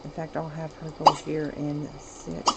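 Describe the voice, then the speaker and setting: A woman streaming a life-sim game, chatty and giggly, talking straight to her viewers, over steady background noise. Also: sits low, unhurried, vocal fry. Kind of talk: casual gameplay commentary.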